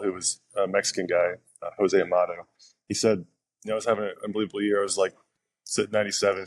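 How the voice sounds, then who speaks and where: A young man, a professional pitcher, telling stories casually as a podcast guest, rambling with fillers and restarts. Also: no room sound. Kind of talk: casual interview storytelling.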